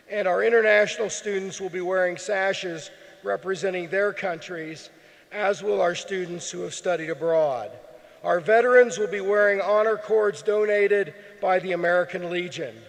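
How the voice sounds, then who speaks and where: A hoarse man delivering a formal, earnest welcome speech at a ceremony in a large indoor arena, speaking into a podium mic. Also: high-pitched. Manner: earnest, measured address. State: hoarse, losing his voice. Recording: long arena reverb.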